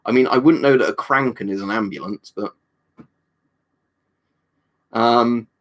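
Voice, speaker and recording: A man's voice: mid-range voice, measured pace, a bit bright. A man hosting a casual livestream, reading viewer comments and rambling with swearing and jokey asides. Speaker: livestream host.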